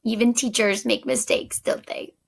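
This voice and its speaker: A woman teacher reading a picture book aloud to children, pausing to ask them for their predictions. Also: on the high side, steady tone, vocal fry. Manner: pauses to ask prediction questions, warm asides.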